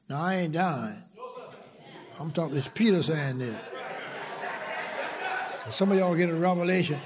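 A man's voice: fairly high pitch, unhurried, long pauses, husky. A man, preaching a sermon and reading scripture aloud, building to emphatic call-and-response. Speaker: pastor. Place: church sanctuary. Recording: long reverb of a large church.

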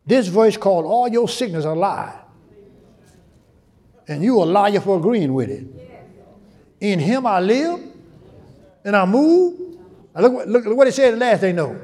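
High-voiced preacher man in church, pitch all over the place, repeats lines and ends up shouting. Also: very animated, unhurried, pauses often. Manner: call-and-response preaching, rising to shouts; repeats phrases for emphasis. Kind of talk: sermon.

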